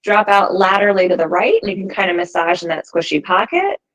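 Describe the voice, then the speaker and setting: A woman teaching a yoga class, giving calm, encouraging cues timed to the breath. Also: medium pitch, fast, poor audio. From United States. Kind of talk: guided yoga class instruction.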